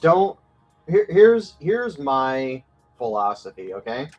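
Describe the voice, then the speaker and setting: A man's voice: medium pitch, very animated, takes it slowly, highs cut off, soft background music. A man in casual chat, responding easily and sharing his musings. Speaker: podcast co-host.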